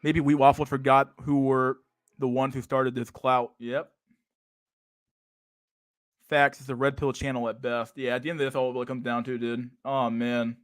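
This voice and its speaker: A man's voice: medium pitch, level tone, moderate pace, no echo, clean studio sound. A young man hosting a casual livestream, with profane, slang-heavy talk full of "dude" and "bro" and frequent restarts. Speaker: livestream host.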